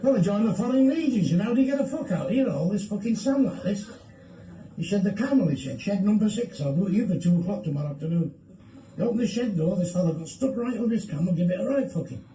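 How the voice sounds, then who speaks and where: Quick and warm, with a high voice and lively intonation, a man rattles off bawdy jokes full of swearing, changing his voice for each character. The audio comes from phone video shot at a distance in a room with echo.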